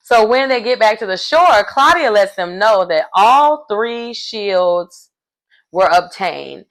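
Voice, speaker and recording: A woman, recapping a reality show in a casual, animated way and laughing often. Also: mid-range voice, a little slow.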